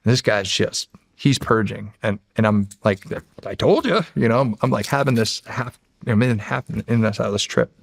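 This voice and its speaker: Gravelly middle-aged American man, telling stories. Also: on the low side, normal speed, dry recording, studio quality. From United States. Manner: animated, acts out voices in his stories. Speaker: podcast guest, former Navy SEAL. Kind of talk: casual storytelling.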